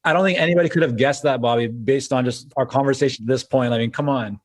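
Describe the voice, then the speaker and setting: A man with a Canadian accent hosting a podcast interview, quick, friendly and joking. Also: mid-range voice. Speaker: podcast host.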